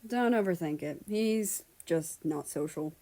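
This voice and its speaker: A woman voicing a calm, dry-mannered gentleman noble in a storybook reading. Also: lowish voice, unhurried.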